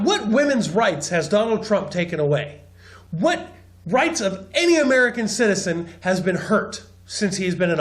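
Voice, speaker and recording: A man giving mocking political commentary over a video clip, sarcastic and rising into high mock-crying tones.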